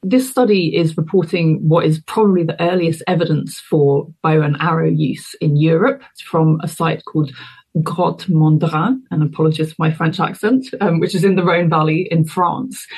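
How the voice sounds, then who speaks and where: A university researcher, a woman, answers interview questions by explaining things carefully and thoughtfully, with fillers and restarts along the way. Her lowish voice has a darkish, slightly rough tone, and the recording itself is rough.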